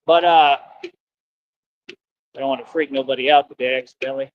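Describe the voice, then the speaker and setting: A man talking in a casual, rambling livestream, slangy and confrontational, outdoors near a highway. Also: fairly even intonation, normal speed. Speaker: costumed livestreamer. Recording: dull lo-fi stream audio.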